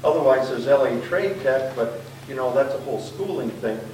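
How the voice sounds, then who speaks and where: A chatty man from Minnesota, a sign painter, answers questions at a college forum. His medium-pitched voice rings around a very echoey hall, picked up from a distance with some faint background noise. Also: lively intonation, moderate pace, a little mellow. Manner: chatty, laughs through his stories. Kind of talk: rambling storytelling and advice. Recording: echoey hall, mic from afar.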